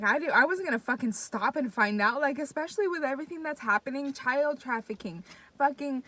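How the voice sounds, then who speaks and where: A young woman tells a story straight to her viewers with a voice that sits a little on the high side. Her casual chat is excitable and full of swearing, and she keeps speaking directly to the audience. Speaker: vlogger.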